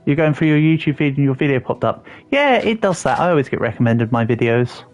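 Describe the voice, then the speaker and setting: A man's voice: medium pitch, big pitch swings, brisk. A young man livestreaming a building game, chatting casually and answering viewers with self-deprecating jokes. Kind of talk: casual gaming livestream chat. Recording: slightly dull audio with faint background music.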